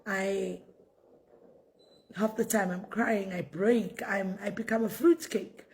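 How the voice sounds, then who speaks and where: A woman's voice: steady tone, slow pace, darkish tone. A woman in her thirties telling an emotional personal story in a tearful, subdued voice. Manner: tearful, repetitive, speaking in a low subdued voice. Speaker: foundation founder sharing a personal story.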